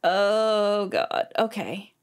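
A woman's voice: medium pitch, expressive, extremely slow, clear, resonant tone. A woman hosting a music reaction video, talking casually and exclaiming and swearing in surprise. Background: faint music playing.

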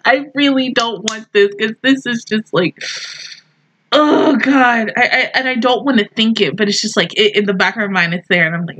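A woman's voice: a little high, normal speed, fairly bright tone, muffled recording. A young woman reacting to an anime episode in casual commentary, emotional and exclamatory, often swearing and laughing.

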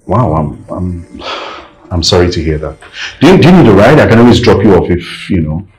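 A man's voice: deep voice, very animated, fairly quick, darkish tone, low-quality recording. An actor with a Nigerian accent playing a caring young male boss who stammers with concern.

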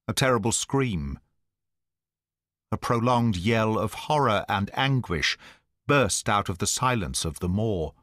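A man narrating an audiobook in a measured, dramatic storytelling manner. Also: lowish voice, expressive, a bit bright, no echo, studio quality.

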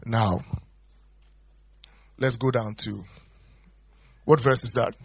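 A man's voice: steady tone, slow, pauses often, husky, no echo. A middle-aged man preaching a sermon as pastor, dramatically acting out pleading quotes. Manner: dramatic, acts out quoted pleas with big pitch jumps.

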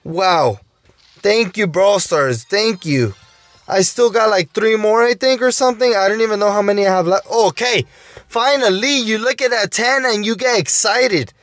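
A man's voice: sits high, moderate pace, fairly bright tone, dry recording, soft background music. A male YouTuber giving gameplay commentary while opening loot boxes, pleading for luck and calling out to his viewers again and again. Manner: pleading, keeps saying "guys" and "oh my dude". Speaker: mobile gaming YouTuber.

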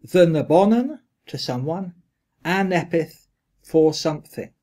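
A man delivering a read lecture at an unhurried, careful pace. His voice sits a little higher than most men's, and each quoted example and gloss gets measured emphasis. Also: animated, dark tone.

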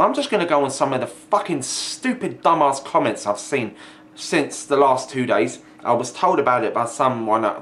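A young man rants at home with lively, swooping intonation. He sounds sweary, mocking and exasperated. A faint hiss of background noise sits under his voice. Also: medium pitch. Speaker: video ranter. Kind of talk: angry vlog rant.

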